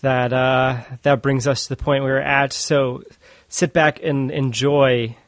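A man hosting a chat in a quick, joking way. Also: mid-range voice, little pitch movement, no echo, clean studio sound. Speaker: host. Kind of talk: casual chat.

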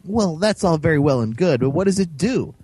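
Man doing a wisecracking boy sidekick, squeaky, high-pitched, jumpy, storybook reading. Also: animated, brisk, a little mellow, breathy edge, dry recording, faint music behind. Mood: wry.

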